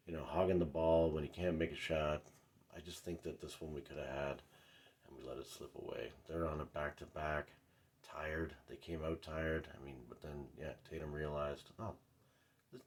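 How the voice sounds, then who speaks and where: Deep-voiced rambling male sports fan. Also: a little mellow. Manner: rambling, frustrated, lots of fillers. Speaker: fan commentator. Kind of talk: casual sports recap vlog.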